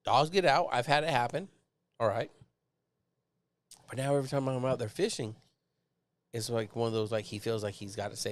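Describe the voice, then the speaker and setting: A man's voice: medium pitch, brisk, no room sound. A man, telling a rambling, profane story on his live show and mimicking neighbors in raised voices.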